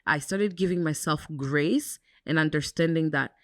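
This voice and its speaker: A young woman with a notably low voice talks openly and reflectively as a podcast co-host. Her speech is loose and casual, full of "um" and "like." The recording is dry and close, with no room sound. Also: moderate pace, dry recording. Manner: candid, reflective, fillers like "um" and "like". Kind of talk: casual chat.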